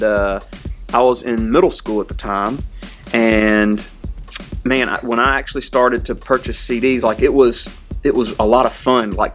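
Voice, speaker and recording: A man interviewing a colleague, speaking in a thoughtful, measured way. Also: medium pitch, fairly bright tone. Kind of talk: conversational interview.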